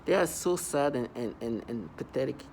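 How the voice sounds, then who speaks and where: A man's voice: mid-range voice, expressive, normal speed, a little mellow, slight background noise. A man in a rambling, scornful monologue to his viewers, repeating himself and breaking into mocking laughter. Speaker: vlogger. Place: New York City.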